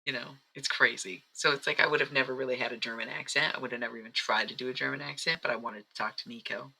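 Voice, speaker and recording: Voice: medium pitch, steady tone, fast talker, creaky, pushed and bright, breathy edge, poor audio. A live-stream psychic and astrology reader talking in a casual, rambling, chatty way, often breaking off mid-sentence. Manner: rambling, chatty, self-interrupting.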